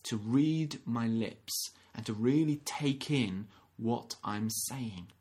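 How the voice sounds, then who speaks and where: A man giving a gentle, reflective sermon, often restarting phrases and acting out short quotes. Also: medium pitch, slow, husky. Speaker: minister.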